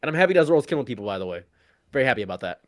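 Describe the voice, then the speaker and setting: A man chatting casually as a co-host, excitable and laughing, acting out characters' lines as he retells a scene. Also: medium pitch, racing, no room sound, studio quality. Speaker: podcast co-host.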